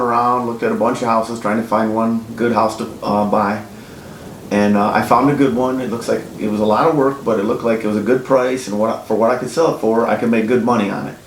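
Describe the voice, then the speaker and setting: Blunt, profane man telling a story. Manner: blunt, profane, animated when quoting himself. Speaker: house flipper. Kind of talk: casual storytelling vlog. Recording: echoey room with faint rumble.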